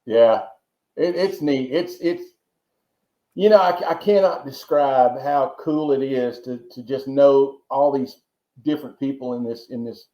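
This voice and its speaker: A man's voice: medium pitch, a little slow, warm tone. A man from Georgia, telling long rambling stories as a podcast guest, often repeating words and adding folksy asides. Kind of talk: casual storytelling interview. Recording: roomy, dull lo-fi sound.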